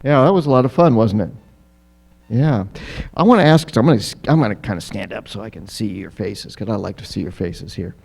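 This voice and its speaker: A pastor giving a children's story in a church. He is lively and keeps asking the children questions. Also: on the low side, brisk, creaky. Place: church sanctuary.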